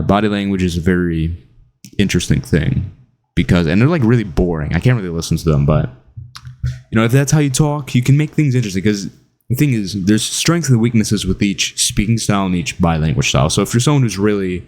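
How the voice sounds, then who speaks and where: A young man giving casual self-improvement advice in an animated, jokey way, acting out quotes. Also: on the low side, fairly quick. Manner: animated, jokey, laughs at his own stories, acts out quotes. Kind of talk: casual talking-head advice video.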